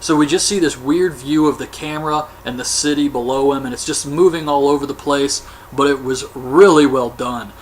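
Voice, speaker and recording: A man's voice: medium pitch, moderate pace, few pauses, slight background noise. A man recapping a horror film in a casual, offhand way, as a movie reviewer. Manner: chatty, offhand, colloquial.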